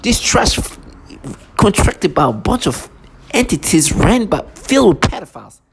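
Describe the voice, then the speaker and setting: A man's voice: sits high, sing-song, normal speed, vocal fry, slightly rough. A man in an angry vlog monologue, ranting and agitated, stumbling over restarts. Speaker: vlogger. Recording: noisy recording.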